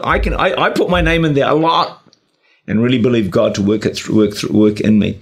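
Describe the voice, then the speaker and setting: A man preaches a sermon, urging his listeners on in an earnest, exhorting way. His voice is gravelly and husky, with many small "uh" and "you know" fillers. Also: mid-range voice, a little fast. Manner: earnest, exhorting, with frequent 'uh' and 'you know'. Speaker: pastor and radio preacher. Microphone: camera-recorded sermon.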